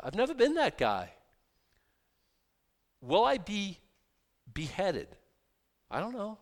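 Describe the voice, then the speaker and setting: A man preaching a sermon as pastor, animated, rising to emphatic bursts and dropping to quiet asides. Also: high-pitched, slow pace, long pauses.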